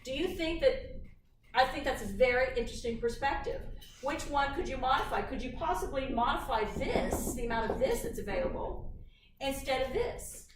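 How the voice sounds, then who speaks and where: High-voiced woman lecturing in a hall. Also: moderate pace, background noise. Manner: lively, chatty, asks the class questions. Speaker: university lecturer. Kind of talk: university lecture. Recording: echoey hall, from far off.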